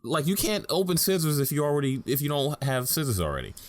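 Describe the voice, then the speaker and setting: A woman's voice: low voice, very animated, quick pace. A woman co-hosting a podcast in casual chat, reacting with short, wry interjections and questions.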